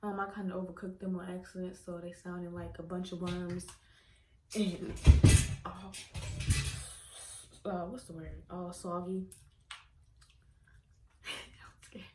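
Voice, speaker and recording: Chatty low-voiced woman vlogging. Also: a little slow, long pauses, a little hiss or hum. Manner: chatty and expressive, talking while eating. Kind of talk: casual mukbang chat. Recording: echoey room.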